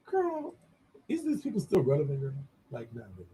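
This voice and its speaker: A man hosting a casual livestream gossip show, animated and camp, chatting directly to his viewers. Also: medium pitch, quick pace, breathy edge. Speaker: show host.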